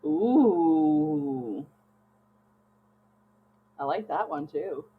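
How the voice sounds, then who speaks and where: Lively low-voiced woman, lo-fi hum. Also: very slow. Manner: expressive, swings high when joking, swears casually. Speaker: podcast co-host. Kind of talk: casual chat. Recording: dull lo-fi mic with faint hum.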